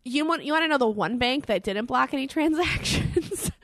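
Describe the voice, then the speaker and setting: A woman's voice: high-pitched, animated, normal speed, a bit bright, dry recording. A woman, co-hosting a podcast, telling a long story with many likes and ums. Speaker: podcast co-host. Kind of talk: casual chat.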